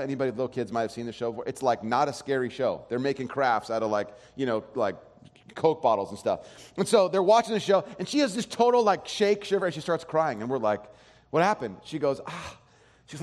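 A man in his thirties preaching a sermon, telling a family story in a casual, rambling way with many restarts. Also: mid-range voice. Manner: soft slow prayer voice. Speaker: pastor. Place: church sanctuary. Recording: long hall reverb.

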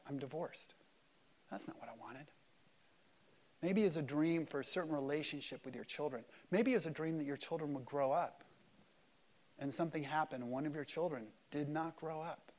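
A male pastor delivering an Easter sermon to his congregation. His voice sits a touch high, and he swings from forceful emphasis down to near-hushed phrases. He also acts out the voices he quotes. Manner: dramatic preaching, swings between loud emphasis and hushed lows. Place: church service.

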